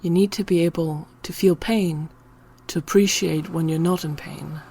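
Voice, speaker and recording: A woman's voice: low voice, steady tone, normal speed, vocal fry, warm tone, slight background noise. A woman talking in an unscripted personal ramble, emotional and close to tears, sometimes dropping to a whisper. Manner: emotional, on the verge of tears, drops to whispers at times. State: teary. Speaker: channel host.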